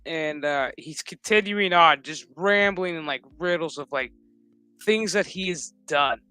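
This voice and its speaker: Guy rambling thru an episode recap, cussing a lot, slightly high bright voice. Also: measured pace, clean tone, no echo, faint music behind. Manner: profane, rambling retelling that acts out quotes. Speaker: show recap vlogger.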